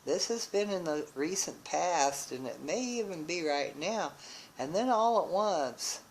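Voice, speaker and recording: Slow, musing tarot reader. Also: mid-range voice, lively intonation, slight background noise, rough recording. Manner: musing, with frequent exclamations of wonder; thinks aloud with restarts and pauses. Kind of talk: tarot card reading.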